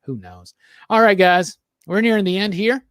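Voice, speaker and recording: A man hosting a casual podcast chat, talking in an animated, blunt way and swearing freely. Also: high-pitched, normal speed, smooth, no echo, clean studio sound. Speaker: podcast host.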